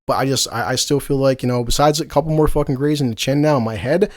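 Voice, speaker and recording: A man's voice: medium pitch, fast, dry recording, clean studio sound. A man in his forties hosting a podcast in casual chat, swearing a lot and laughing through rambling stories. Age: 40s. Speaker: podcast host.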